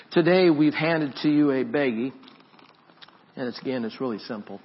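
A man preaching a sermon as pastor, swinging from loud emphatic exhortation to soft, reflective storytelling. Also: medium pitch, expressive, normal speed, highs cut off.

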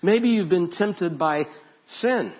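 A man preaching a sermon and leading prayer as a pastor, earnest and repeating his phrases, dropping to a hush when he prays. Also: high voice, lively intonation, slow pace, dull audio. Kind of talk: sermon and altar-call prayer. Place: church sanctuary.

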